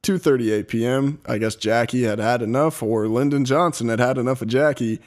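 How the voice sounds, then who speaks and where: A man's voice: mid-range voice, a little fast. Young male podcast host, casual, profane storyteller, laptop recording at home. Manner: profane, laughing, reads from a script. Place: apartment.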